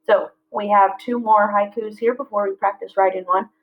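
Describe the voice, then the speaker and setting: A woman teaches a lesson in a mid-pitched voice. She reads slowly and clearly and breaks words into syllables. The audio is a little dull and lo-fi. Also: steady tone. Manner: slow, clear syllable-by-syllable reading. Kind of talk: classroom lesson.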